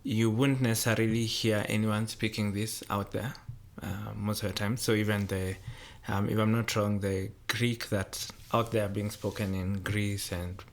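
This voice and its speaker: Low-voiced student, tentative. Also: male voice, little pitch movement, normal speed, few pauses, a little hiss or hum. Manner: tentative, searching for words. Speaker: theology student. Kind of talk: podcast conversation.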